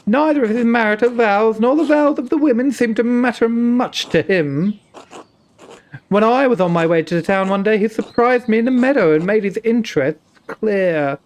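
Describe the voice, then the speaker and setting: A wary young nun with a sing-song put-on Welsh accent tells her hard story, as a man reads her part aloud. The voice sits somewhat high. Faint background noise runs under it. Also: moderate pace. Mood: guarded. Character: traumatized young nun, quiet and guarded.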